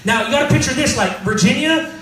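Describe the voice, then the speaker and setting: A man's voice: very high voice, fast, pushed and bright. A man in his thirties from California, a pastor telling his story in a casual, joking sermon. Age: 30s. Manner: casual storytelling, jokes with the congregation. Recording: roomy hall mic from a distance.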